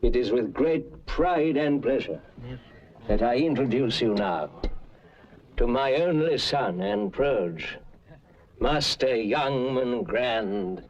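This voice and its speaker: A pompous rich gentleman. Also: mid-range voice, expressive, takes it slowly. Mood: proud, formal. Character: pompous rich English gentleman addressing a board. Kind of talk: 1960s film comedy acting. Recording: dull film soundtrack with faint music.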